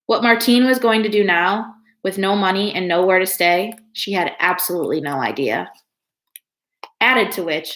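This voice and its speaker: A woman reads a children's novel aloud, calm and steady, pausing to reflect between chapters. Her voice sits at an ordinary middle pitch. The sound carries the ring of an echoey room.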